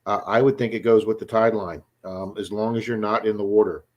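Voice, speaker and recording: A man's voice: on the low side, steady tone, a little fast, darkish tone, dull audio. A man from Florida hosting a live stream, rambling through stories and often repeating words as he starts a sentence. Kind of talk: casual live stream chat.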